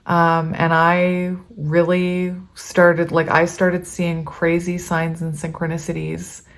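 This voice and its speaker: A woman's voice: lowish voice, completely flat delivery, slow. Chatty, emotional tarot-reading woman. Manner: chatty and emotional, reading aloud with many ums. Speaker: tarot reader.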